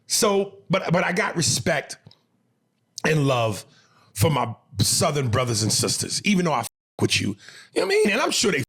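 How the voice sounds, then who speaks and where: A gravelly, husky man with a New York accent, talking on a podcast in a loose, profane, emphatic way. His pitch runs a little high and swings widely as he rants and restarts his sentences. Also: wildly swooping pitch, normal speed, a bit bright. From New York City. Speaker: podcast co-host. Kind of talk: casual podcast chat.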